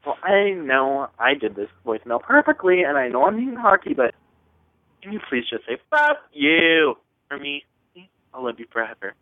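A man from Washington State leaving a giddy, rambling voicemail for a podcast, squealing in falsetto now and then. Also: very animated, normal speed, no room sound. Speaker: voicemail caller. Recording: tinny dry phone line.

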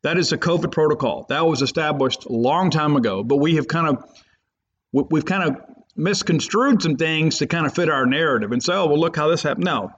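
Brisk and high-pitched, with a fairly bright, slightly rough tone, this sports podcast host rambles emphatically through opinionated talk, loyal to his team. Muffled lo-fi audio carries his voice.

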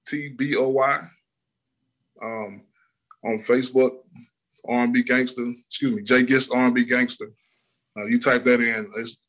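A man from Illinois, an R&B singer, chatting casually as an interview guest over a video call, relaxed with lots of fillers and laughter. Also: medium pitch. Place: room in a cousin's house.

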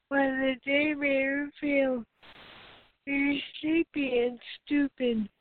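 A woman hosting a show who reads a children's story aloud slowly, stumbling and correcting herself. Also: high-pitched. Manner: slow, halting reading with self-corrections. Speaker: host and story reader. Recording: tinny phone-like sound.

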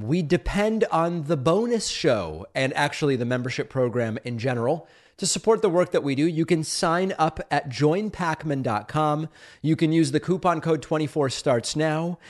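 A male talk show host with a voice of middling pitch, reading sponsor spots and answering callers. He is upbeat and brisk, and friendly with his guests. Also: lively intonation.

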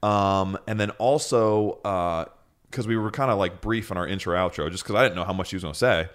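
Man, low voice, casual podcast co-host, joking and rambling, recorded at home. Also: a little fast, smooth. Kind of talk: casual chat. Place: home, near a kitchen.

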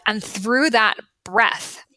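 A woman guest on a podcast, telling a story with animated acted-out voices. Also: on the high side, very slow, no room sound, rough recording. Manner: animated, acts out quoted voices loudly.

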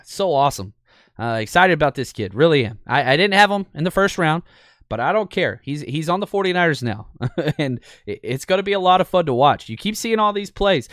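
Opinionated male sports host, slightly high voice, talks through game film with a laugh, dry booth sound. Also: no echo. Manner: animated and opinionated, laughs often. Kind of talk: casual football film breakdown.

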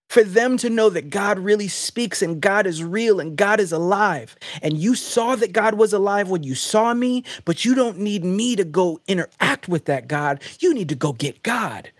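A man hosting a faith podcast, preaching in an emphatic, animated, conversational way. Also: high-pitched, dry recording, clean studio sound. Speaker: podcast host.

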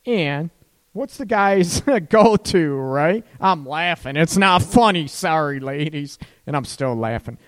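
A man's voice: a little high, animated, slow. A man giving casual relationship advice to listeners, talking loosely and often asking "right?" as he goes. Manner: chatty, keeps asking "right?", laughs at his own points.

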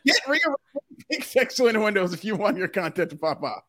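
A man co-hosting a podcast in casual chat, animated and jokey, laughing often. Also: sits high, brisk. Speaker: podcast co-host.

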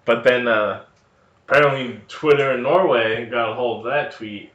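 A man's voice: mid-range voice, moderate pace, a bit bright. A man chatting loosely on a movie podcast, his slightly nasal voice rambling through fillers and laughter. He sits back from the mic in a roomy, echoing space, and the sound is a little dull. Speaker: podcast co-host. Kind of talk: casual movie podcast banter. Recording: roomy, distant, dull home recording.

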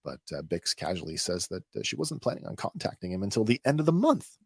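A man with a fairly low voice talks through an episode recap in a relaxed, chatty way. He stops often on filler sounds as he finds his words. The sound is dry and close, with no room echo. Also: quick pace, husky. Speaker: podcast host.

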